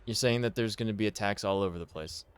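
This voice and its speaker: A man's voice: lowish voice, fast, clean tone. A man streaming a game, chatting casually with joking asides. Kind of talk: casual gameplay commentary. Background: game music.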